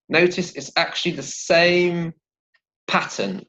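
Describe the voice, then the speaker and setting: A man teaching an English vocabulary lesson, slowly modelling pronunciation and asking learners to repeat. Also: fairly high pitch, vocal fry, bright, forceful tone, lo-fi sound, slight background noise. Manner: slow, deliberate, models pronunciation for repetition.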